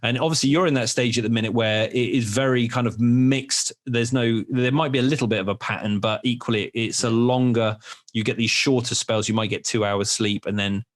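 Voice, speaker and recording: A man's voice: mid-range voice, fairly quick. A man podcast host chatting animatedly. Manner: rambling, animated storytelling with many restarts. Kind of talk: casual chat.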